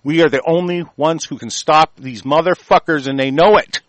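Furious swearing man ranting, high voice. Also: moderate pace, a bit bright, no echo. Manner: heated, swearing constantly, rambling with restarts. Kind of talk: angry profane rant.

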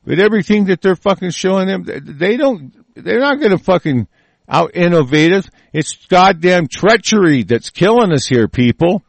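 A man's voice: sits high, big pitch swings, moderate pace, vocal fry, no echo. A man delivering a heated, profane, rambling monologue with many restarts. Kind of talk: ranting monologue.

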